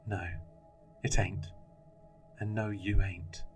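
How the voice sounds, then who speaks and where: A man putting on a low raspy attic spirit. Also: flat delivery, music in the background. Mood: sneering. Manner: sneering, slow and coaxing. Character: sneering raspy unseen attic entity, low and hungry.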